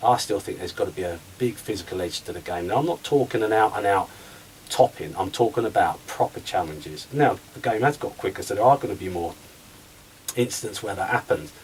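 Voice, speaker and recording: A former footballer talks as a radio guest, his low voice set a little back from the mic. He tells lively stories and acts out both sides of old conversations. Faint hiss runs under the recording. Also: brisk, recorded from a distance, low-quality recording. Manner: animated storyteller, acts out conversations. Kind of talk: radio interview chat.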